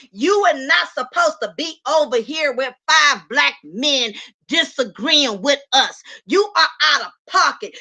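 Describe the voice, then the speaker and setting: An indignant man scolds and mocks, as a woman puts him on, pitched high and bright, sometimes shouting, always repeating his accusations. He lectures slowly and lets each point land. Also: full character voice. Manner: accusing, mocking, repetitive.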